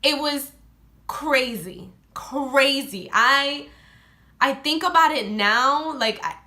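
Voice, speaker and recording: A young woman vlogger telling a true story in a casual, animated storytime monologue, filling her talk with "like" and acting out her friends' lines. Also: high voice, slow pace. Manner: animated, heavy use of "like", acts out friends' lines. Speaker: beauty vlogger.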